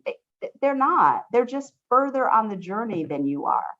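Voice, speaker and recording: Through a video call's dull, lo-fi sound, a woman with a fairly high, slightly bright voice speaks in a sing-song way at a moderate pace. She's a college instructor running an online study workshop, cheerful and supportive, frequently telling students she loves their questions.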